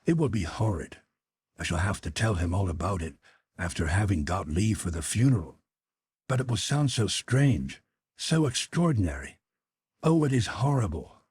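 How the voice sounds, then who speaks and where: A man's voice: lowish voice, animated, normal speed, a little mellow, husky, no room sound, studio quality. A man voicing a shaken young woman who speaks with fretful worry. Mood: distressed.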